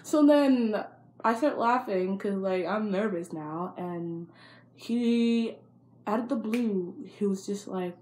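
A woman's voice: mid-range voice, takes it slowly, darkish tone. A young adult woman telling a storytime vlog in a blunt, profane and exasperated way. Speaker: vlogger.

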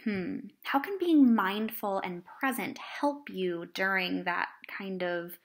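A woman teacher explaining a lesson to children in a lively, animated way. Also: mid-range voice, slow pace. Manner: animated, acts out examples in different voices.

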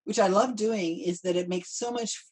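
A woman's voice: medium pitch, moderate pace, darkish tone, breathy edge. A woman hosting a casual conversation over a video call, chatty with trailing asides. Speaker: host.

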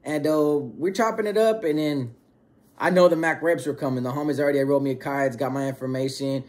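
Man, slightly higher voice, slangy casual storytelling, animated retelling. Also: fairly quick. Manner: street slang, animated retelling with quoted dialogue. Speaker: storyteller recounting prison experience.

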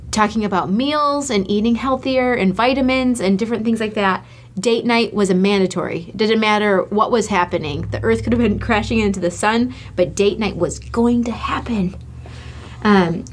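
Candid woman telling a heartfelt story. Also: medium pitch. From Michigan. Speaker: co-host, host's wife. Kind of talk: casual chat.

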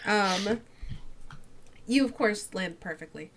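A woman running a tabletop game as game master, narrating hesitantly with many pauses and ums. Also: mid-range voice, animated, a bit bright.

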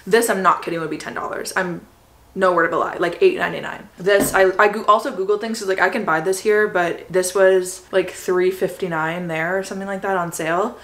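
A young Canadian woman in her twenties, chatting excitedly to her viewers as she shows off her shopping haul. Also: fairly low pitch, fairly quick. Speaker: vlogger. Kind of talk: casual haul vlog.

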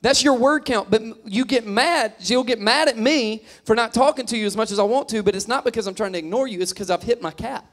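With an extremely high-pitched voice, a thirty-something pastor preaches briskly, barely pausing. His sermon is humorous, full of stories, and he teases the congregation as he addresses them.

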